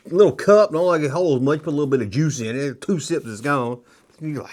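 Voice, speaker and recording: Brief: middle-aged man, casual show-and-tell host, higher-pitched, very animated, jokey and rambling. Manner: joking, rambling, slips into quick kid impressions. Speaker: nostalgia toy video host.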